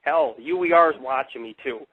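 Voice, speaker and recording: A man's voice: a little high, moderate pace, no room sound. A man rants through a live internet radio show, swearing freely and challenging his critics. His voice comes through narrow and tinny, like a phone call, with no room sound at all. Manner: rambling, swearing, combative. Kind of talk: profane live radio monologue. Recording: tinny phone-like dry audio.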